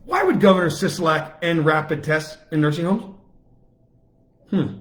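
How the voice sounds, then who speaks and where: A man on a self-recorded live stream, speaking in a raised, high-pitched register. He talks in heated bursts and repeats his key phrases for emphasis, so each point comes out sharp and indignant. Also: big pitch swings, fairly quick, slight background noise. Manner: fiery, repetitive, emphatic outbursts. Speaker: political commentator on a live stream. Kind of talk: impassioned live-stream rant. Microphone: phone or webcam, self-recorded.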